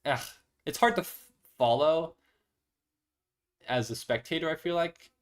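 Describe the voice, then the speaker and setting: A man's voice: a little high, measured pace. A young man streaming chess, chatting casually, self-deprecating and thinking aloud. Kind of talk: casual live-stream chat.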